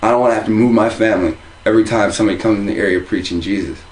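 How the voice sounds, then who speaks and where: A man's voice: on the low side, steady tone, racing, rough recording. A man at home giving a heated, rambling monologue on religion, full of restarts and repeated phrases. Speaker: religious video commentator. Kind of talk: casual monologue to camera. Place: at home, indoors.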